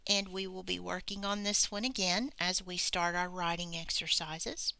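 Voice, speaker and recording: A woman's voice: lowish voice, fairly even intonation, moderate pace, vocal fry, pushed and bright. A woman teacher giving a recorded grammar lesson, patient and explaining step by step as she works.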